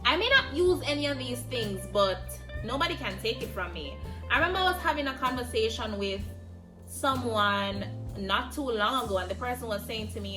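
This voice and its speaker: A woman's voice: fairly high pitch, lively intonation, a little fast. A Jamaican woman in her twenties speaking earnestly in a reflective personal vlog. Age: 20s. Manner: earnest, heartfelt, emphatic. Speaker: vlogger. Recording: distant mic with music behind. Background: music.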